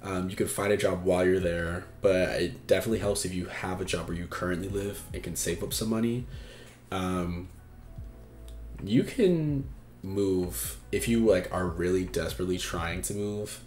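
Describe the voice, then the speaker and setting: A man's voice: sits low, moderate pace, a little mellow, reverberant, soft background music. A man hosting an advice livestream, talking frankly and casually with lots of fillers and swearing. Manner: frank and chatty, swears freely, many fillers. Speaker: advice stream host.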